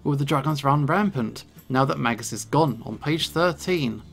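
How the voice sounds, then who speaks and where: A man's voice: medium pitch, normal speed, vocal fry, breathy edge. A man voicing a newspaper seller in a video game, announcing headlines in a sing-song way. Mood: hawking.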